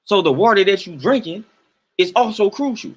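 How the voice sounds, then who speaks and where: Ranting to his live chat, a young host sounds exasperated and emphatic, often saying things twice for effect. He has a high, animated voice and keeps a moderate pace.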